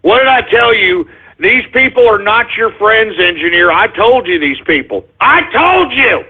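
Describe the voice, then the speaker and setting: A man's voice: high voice, big pitch swings, normal speed, slightly rough. A man hosting a call-in radio show, grumbling and cursing in exasperation. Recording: tinny phone-like line.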